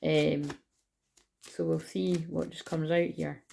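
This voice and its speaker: Rambling low-voiced woman, gravelly. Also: level tone, slow pace, mellow, a little hiss or hum. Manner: rambling, chatty, swears freely. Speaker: tarot reader. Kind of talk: casual spiritual tarot reading.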